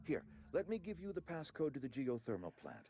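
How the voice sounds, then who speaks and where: A man's voice: fairly high pitch, huge pitch swings, a little fast, mellow. A man voicing a pompous middle-aged outpost administrator in a video game, who talks in a formal, fussy and ingratiating way. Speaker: game character.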